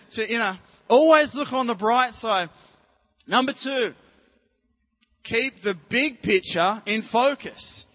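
A man's voice: high voice, sharp tone, in a large hall. A man preaching as a youth pastor in a church, earnest and rambling, with many restarts. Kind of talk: sermon.

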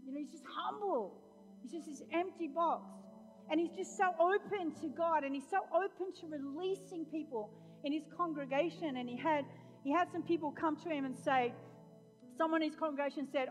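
High-voiced woman preaching in an echoing hall. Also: a little fast. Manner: preaching, swinging from loud proclamation to chatty storytelling. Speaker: pastor. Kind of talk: sermon. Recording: long hall reverb, faint music.

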